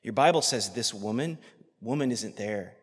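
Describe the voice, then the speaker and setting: A man preaching a sermon with passion, swinging between loud outrage and hushed, near-whispered tenderness. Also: fairly low pitch, animated, moderate pace, breathy edge. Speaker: pastor. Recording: long hall reverb.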